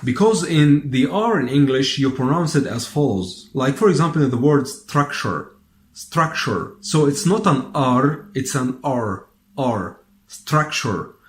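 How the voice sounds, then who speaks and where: A man with an Egyptian accent teaching Arabic pronunciation. He speaks slowly and repeats each word several times so learners can follow. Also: medium pitch, lively intonation, roomy sound. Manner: slow, repeats words many times for learners. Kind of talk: pronunciation lesson.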